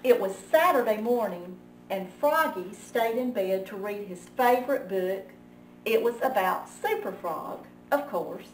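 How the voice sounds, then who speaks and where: Librarian woman reading a picture book aloud, slow and expressive, in an echoey library room. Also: mid-range voice, slight background noise. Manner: slow and expressive, with sound effects. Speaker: children's librarian. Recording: echoey room, mic far off.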